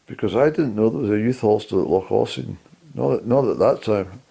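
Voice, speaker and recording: Gravelly, dark-voiced man. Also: on the low side. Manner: halting, rambling, mild swearing. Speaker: hillwalker recounting a journey. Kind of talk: personal storytelling to camera.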